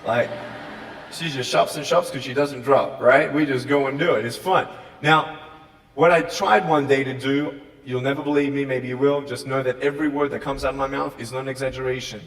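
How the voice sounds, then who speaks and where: Australian man, animated speaker in an echoey hall. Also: mid-range voice, a little fast. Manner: animated, swings from quiet to shouting. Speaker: motivational speaker. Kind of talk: motivational speech to a school audience. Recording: echoey hall, far from the mic.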